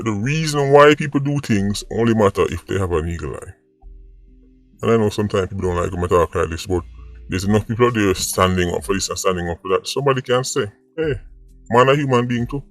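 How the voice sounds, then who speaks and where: Low-voiced Jamaican man arguing his point. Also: lively intonation, fast, soft background music. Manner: argumentative, rhetorical "right?" asides. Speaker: vlog host. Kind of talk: opinion commentary.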